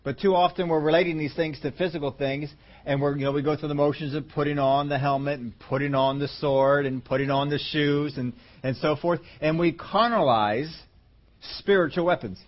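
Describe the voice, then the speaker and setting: Guy preaching a bible study sermon, kinda high voice, chatty but drags out the big words, dull lo-fi sound. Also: steady tone, moderate pace. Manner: conversational, stretches key words for emphasis. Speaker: pastor.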